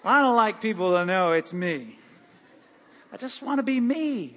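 A man preaching to his congregation as pastor, telling joking stories in an animated way. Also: sits high, a little slow. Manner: animated, joking, lively storytelling with acted-out quotes. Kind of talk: sermon. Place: church sanctuary.

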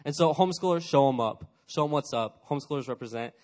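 A youth pastor in his twenties delivers a casual, energetic youth sermon, chatting away with lots of fillers and acting out little quotes. He's a young man with a fairly high-pitched voice who talks fast.

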